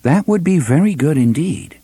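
A man's voice: on the high side, animated, normal speed, dark tone, husky, no room sound, voice pushed up. A man voicing a cheeky young joker. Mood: teasing. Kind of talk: audiobook character voice.

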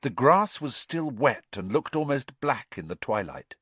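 A man narrating an audiobook with expressive storytelling, voicing every character himself. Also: mid-range voice, measured pace, husky, no echo.

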